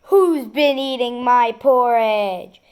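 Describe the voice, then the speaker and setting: Woman reader as big papa bear: loud, slow, drawn-out. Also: fairly high pitch, clean tone. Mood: growling. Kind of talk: storybook read-aloud.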